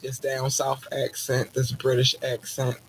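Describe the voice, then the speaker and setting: Speaking at a measured pace in a mid-range voice, this male podcast host delivers a loose, profane rant framed as a mock sermon, full of animated, preachy asides. There's slight background noise and the recording is rough.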